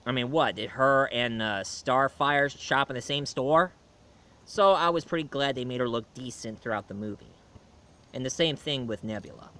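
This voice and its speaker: A man's voice: mid-range voice, normal speed, pushed and bright. Rambling man reviewing films. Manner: rambling, with many fillers and restarts. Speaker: film and comic reviewer. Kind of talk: casual review monologue.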